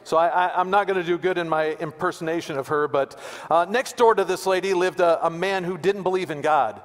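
A male pastor's high-pitched, brisk voice rings through a church sanctuary with a long reverb tail. He preaches conversationally, cracking jokes and frequently repeating words.

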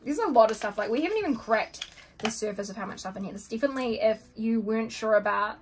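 A young woman vlogging a makeup unboxing at home, her voice sitting a little high. She talks casually and excitably, gasping at colors and sometimes slipping into a soft whisper. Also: fast talker, slight background noise. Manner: gushing, excitable, frequent gasps and soft whispers. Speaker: beauty vlogger.

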